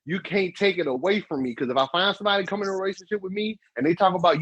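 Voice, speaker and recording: A man's voice: high-pitched, racing, hardly any pauses, a bit bright, husky, no room sound, muffled recording. A man co-hosting a relationship advice podcast, talking casually and animatedly, with emphatic repeats. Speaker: podcast co-host.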